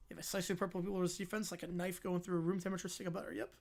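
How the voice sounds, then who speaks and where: A livestream host who talks fast, calling a basketball game play by play while answering chat, and getting louder on big plays. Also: mid-range voice, little pitch movement, creaky. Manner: fast-talking.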